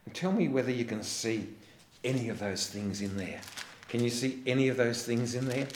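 A man's voice: mid-range voice, normal speed, roomy sound, slight background noise. A man preaching an earnest sermon as a pastor. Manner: earnest, ends in a quiet prayer.

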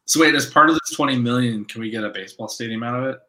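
Bright-voiced man asking questions on a podcast. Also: medium pitch, poor audio. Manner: asks quick questions, easygoing and joking. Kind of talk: casual sports podcast chat.

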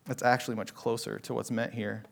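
A man's voice: medium pitch, little pitch movement, fairly quick, gravelly. A male pastor preaching an expository sermon in an earnest, conversational way, with casual asides to the congregation.

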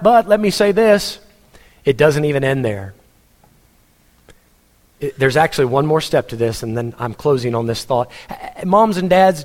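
A pastor preaching a sermon in a church hall, earnest and humorous, speaking straight to his congregation. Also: a little high. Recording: long church hall reverb.

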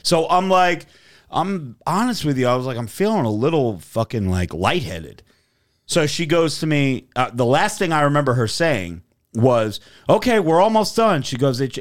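Animated profane young man storyteller. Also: mid-range voice. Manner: profane, animated, acts out quotes. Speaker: podcast host telling a story. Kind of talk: casual storytelling chat.

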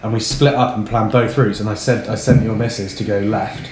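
A man co-hosting a podcast, telling animated, sweary stories in casual chat. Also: lowish voice, a little fast, reverberant, a little hiss or hum. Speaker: podcast co-host.

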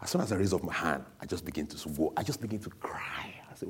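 A man's voice: a bass voice, steady tone, racing, gravelly, few pauses, husky. A man giving a candid, emotional personal testimony to an audience, speaking bluntly.

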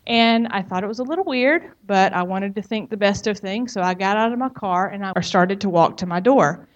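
Woman, middle pitch, frank testimony speaker, conversational with emphatic asides, muffled audio. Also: moderate pace. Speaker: speaker giving a personal testimony. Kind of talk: personal testimony talk.

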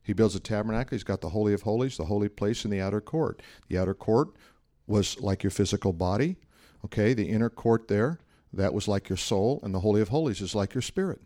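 A man's voice: lowish voice, brisk, dark tone. A man, a pastor, giving a sermon in a conversational, humorous style full of anecdotes.

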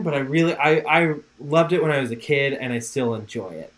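A man's voice: on the high side, lively intonation, moderate pace. Eager young man playing a role-play game. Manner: eager, laughing, stumbling. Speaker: player. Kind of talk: in-character tabletop role-play.

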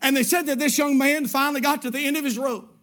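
A male pastor preaches through a story. His voice sits high, and he repeats his phrases. He drops to a hush, then climbs to full shouts. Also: steady tone, fast talker. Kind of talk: sermon storytelling.

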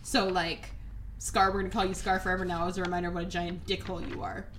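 A woman's voice: fairly low pitch, little pitch movement, fast, a bit bright, slight background noise. A woman casually recapping a film, swearing freely and acting out characters' lines in silly voices. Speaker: podcast co-host.

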